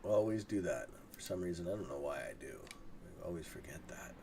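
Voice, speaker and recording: A man's voice: deep voice, animated, brisk, background noise. A tired, yawning man hosting a casual live stock market stream, rambling and swearing now and then. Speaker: stock trading livestream host.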